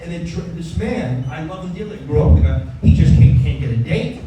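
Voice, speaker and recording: A man's voice: on the high side, expressive, brisk, muffled recording. An older man doing a wisecracking, rambling stand-up set and bantering with the audience. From Long Island. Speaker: stand-up comedian. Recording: roomy club sound from a distance, with music.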